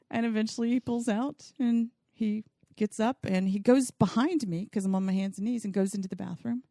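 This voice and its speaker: Woman, bawdy storyteller, laughs often, acts out quoted voices, mid pitch, dry close mic. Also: a little slow, dark tone, no room sound. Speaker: podcast guest storyteller. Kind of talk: comic personal storytelling.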